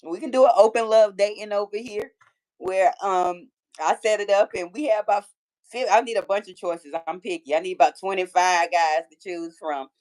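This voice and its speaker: A woman's voice: mid-range voice, fairly even intonation, normal speed, a little mellow. A woman in her forties with a Detroit accent, hosting a casual livestream and chatting with viewers and reading their comments, playful and full of trash talk. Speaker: livestream host.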